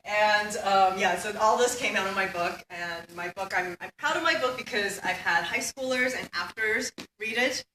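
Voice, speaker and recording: A woman's voice: mid-range voice, normal speed, few pauses, bright, forceful tone. A woman academic giving a conference keynote in a conversational way, often checking in with "right?". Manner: conversational, tags points with "right?". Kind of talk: conference lecture. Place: lecture hall. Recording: echoey hall, distant mic, faint hiss.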